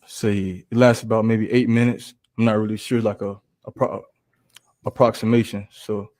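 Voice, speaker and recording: A young man testifying in court, hesitant and halting, with many restarts. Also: on the low side, little pitch movement, a little mellow, no room sound. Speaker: trial witness.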